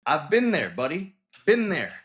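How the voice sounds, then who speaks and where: A man's voice: a little high, wildly swooping pitch, unhurried, fairly bright tone. A man, a relationship coach, talking earnestly as an interview guest and driving his points home with repeated "okay?" and "right?". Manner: emphatic, coaching, keeps checking in with "okay?" and "right?".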